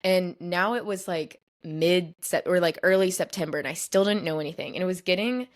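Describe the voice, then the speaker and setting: A woman's voice: fairly low pitch, a little fast. A young adult woman hosting a podcast, telling a story in a casual, chatty way and filling her speech with "like". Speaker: podcast host.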